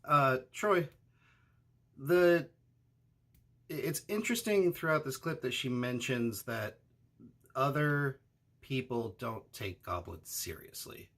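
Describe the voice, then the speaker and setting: Male co-host, gravelly and husky, lowish voice, casual questioning chat. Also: lively intonation, slow pace, long pauses, a bit bright. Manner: asks questions, hedging with fillers like "uh" and "you know". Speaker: anime discussion co-host. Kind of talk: casual analytical discussion.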